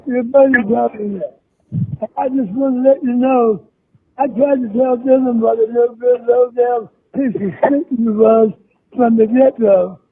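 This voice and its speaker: Cursing man on a tinny, phone-thin recording, high-pitched, threatening rant. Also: fairly even intonation, measured pace. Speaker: voice in a played message. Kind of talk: angry profane rant.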